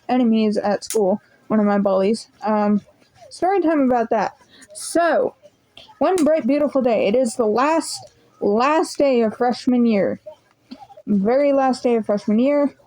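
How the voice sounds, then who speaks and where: A woman's voice: fairly high pitch, poor audio. A young woman rambling through a casual storytime vlog, swearing freely as she tells it. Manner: swearing, rambling, animated retelling. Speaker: vlogger.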